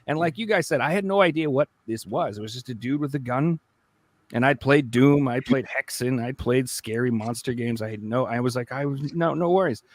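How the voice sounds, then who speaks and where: A man co-hosting a casual podcast, talking at a middle pitch. He tells an old story with energy and acts out his own shocked reactions along the way. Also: fairly quick, no echo. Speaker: podcast co-host. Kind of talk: casual chat.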